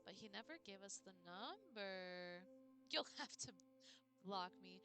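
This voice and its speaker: A woman's voice: medium pitch, animated, unhurried, sharp tone, faint music behind. A woman streamer chatting casually and playfully with her chat during a game, breaking into baby talk for her dog.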